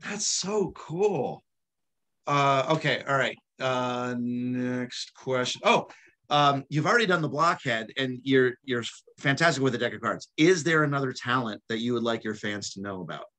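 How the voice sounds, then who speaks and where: A man asking interview questions in an excitable, enthusiastic way. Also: medium pitch, moderate pace. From United States. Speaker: magician interviewing the host. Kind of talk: casual interview chat.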